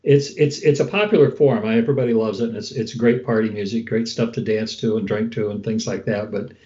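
A man's voice: on the low side, steady tone, brisk, warm tone. Man chatting on a lo-fi recording. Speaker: podcast host and guitarist. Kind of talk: casual chat. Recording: dull lo-fi sound.

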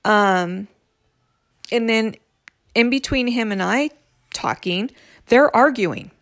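A woman's voice: fairly high pitch, takes it slowly, fairly bright tone, no room sound, clean studio sound. A middle-aged woman telling the story of her ex-husband's affairs in a candid, exasperated way, acting out what people said to her. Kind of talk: casual personal storytelling.

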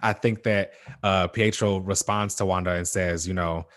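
Low-voiced man in rambling chat. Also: fairly even intonation, normal speed, a bit bright, no room sound, studio quality. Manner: rambling with many fillers and laughs. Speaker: podcast co-host. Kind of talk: casual TV recap chat.

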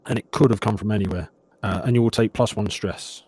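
A man running a tabletop horror game as game master, narrating in a measured, descriptive way with some hesitations. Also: on the low side, darkish tone, slightly rough, dry recording.

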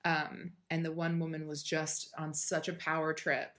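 A young woman telling a story in casual chat, animated and peppered with swearing. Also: sits low, moderate pace.

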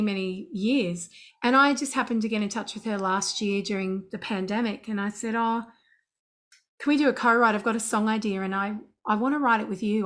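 A middle-aged woman, a songwriter chatting in an interview, animated and talkative. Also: mid-range voice. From Australia. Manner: chatty and animated, breaking into sung scat syllables. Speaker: songwriter guest. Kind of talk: casual interview chat.

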